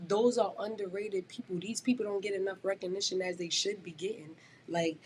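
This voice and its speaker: A woman's voice: medium pitch, slight background noise. A woman in her twenties talking in a casual podcast chat, blunt and emphatic, swearing freely. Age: 20s. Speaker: guest rapper.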